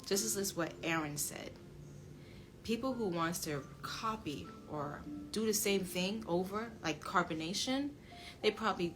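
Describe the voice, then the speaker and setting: A young woman vlogging a personal story in a casual, animated and blunt way, with swearing. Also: fairly low pitch. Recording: music playing underneath.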